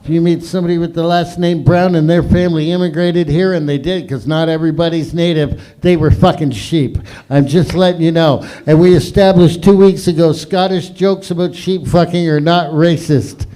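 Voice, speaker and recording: A man's voice: fairly high pitch, fairly even intonation, moderate pace, hardly any pauses. Rowdy, foul-mouthed man hosting comedy night. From Canada. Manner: crude, loud and rowdy, swearing freely. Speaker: open mic host. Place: live comedy venue.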